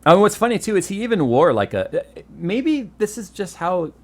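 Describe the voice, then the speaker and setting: A man's voice: high voice, normal speed, a little hiss or hum. A man from the United States hosting a casual tech podcast, telling stories with lots of laughing and swearing. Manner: animated storyteller, swears and laughs freely. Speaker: tech show host.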